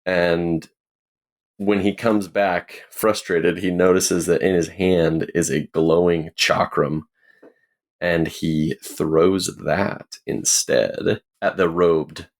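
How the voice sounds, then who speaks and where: Man, tabletop player, very low voice, slow delivery, unhurried. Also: steady tone. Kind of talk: playing a tabletop game.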